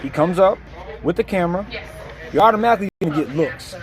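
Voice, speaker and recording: A man's voice: high-pitched, expressive, fast talker, some chatter behind. A man giving blunt, slangy, mocking reaction commentary over a video clip.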